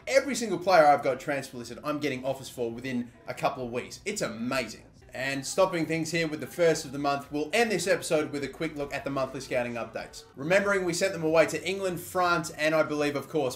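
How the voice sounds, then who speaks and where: A young Australian man talks through his football video game as he plays it. His voice sits fairly high. He is excitable, swears freely and bursts into shouts at tense moments. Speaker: gaming YouTuber. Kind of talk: live game commentary.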